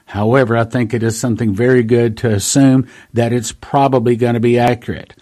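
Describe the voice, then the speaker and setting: A man's voice: mid-range voice, little pitch movement, fairly quick, warm tone. Earnest man preaching about prophecy. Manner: earnest, addresses listeners as brothers and sisters; reads dates and quotes at length. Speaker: prophecy talk show host. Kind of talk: preaching monologue.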